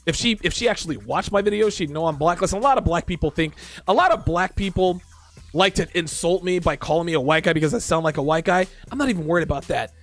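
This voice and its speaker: A man's voice: on the high side, fast talker. A man hosting a dating commentary show, ranting in exasperation at viewer comments with profane sarcasm.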